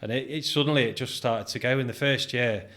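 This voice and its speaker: In a casual podcast interview, a British business founder in his forties tells lively anecdotes, acting out quoted dialogue and laughing often. His voice is mid-range and runs a little fast.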